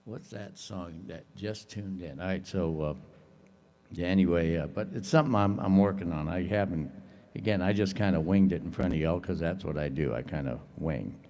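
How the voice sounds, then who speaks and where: A man, a bassist hosting his own live stream, chatting loosely and joking at his own expense. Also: moderate pace, mellow. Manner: rambling, self-deprecating, jokes around. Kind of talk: casual live-stream chat with singing. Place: home music room.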